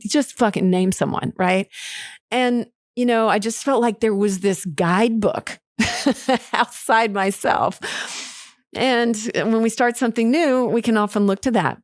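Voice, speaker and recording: A woman's voice: on the high side, normal speed, dry recording, studio quality. A woman hosting her own podcast, telling a personal story in a candid, emotional way, swearing casually and laughing often. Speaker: podcast host.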